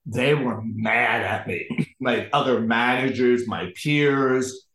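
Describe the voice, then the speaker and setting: Male podcast guest, animated storyteller, middle pitch, echoey room. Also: slow, slight background noise. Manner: animated storyteller acting out the people in his stories. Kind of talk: casual conversational storytelling.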